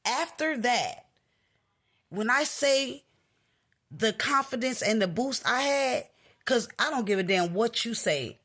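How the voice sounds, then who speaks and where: A woman's voice: on the high side, slow pace, long pauses. A young woman with a boisterous voice, telling a personal story in casual slangy chat and acting out what others said. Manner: animated, slangy, acts out other people's lines.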